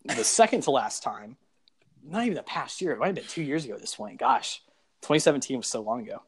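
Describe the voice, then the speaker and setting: A young man with a slightly husky voice in a relaxed conversation. He meanders, pauses on fillers and corrects himself mid-thought, at a middle pitch for a man. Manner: rambling, hesitant, self-correcting. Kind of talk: casual chat.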